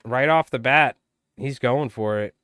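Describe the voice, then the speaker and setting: A man live-streaming, his voice wearing hoarse, calling a marble race play-by-play like a playful sportscaster. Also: mid-range voice, unhurried, a bit bright, no room sound, clean studio sound. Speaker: fly tying live streamer.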